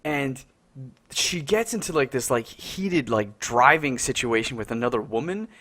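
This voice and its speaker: A young man co-hosting a casual podcast chat, telling stories with lots of fillers, swearing and animated quoted voices. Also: medium pitch, normal speed. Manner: animated, swearing, lots of "like" and "you know what I mean". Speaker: podcast co-host.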